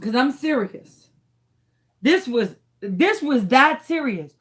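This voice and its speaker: This crafting channel host has a high, expressive, slightly bright voice and a slow pace. Telling a story to camera, she sounds dramatic and exasperated, at times breaking into shrieks.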